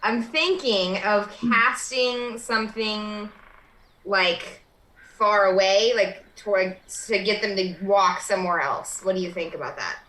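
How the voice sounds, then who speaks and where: A woman's voice: mid-range voice, unhurried, pushed and bright. A woman playing a tabletop game, thinking aloud in a chatty, hesitant way. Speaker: player. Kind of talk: casual tabletop game chat. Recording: roomy echo.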